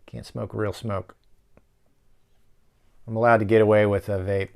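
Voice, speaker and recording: Man, show host, deep gravelly voice, rambling profane commentary. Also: little pitch movement, measured pace. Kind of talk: casual movie riffing commentary. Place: office.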